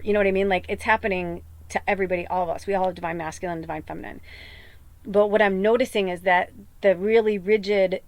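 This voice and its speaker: A woman hosting her own podcast talks through heartbreak in a raw, rambling way, swearing often and circling back on her words. She sounds upset and close to tears. Her voice sits at an ordinary pitch and is recorded dry and close. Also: dry recording. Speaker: podcast host, medium. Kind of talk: emotional personal monologue.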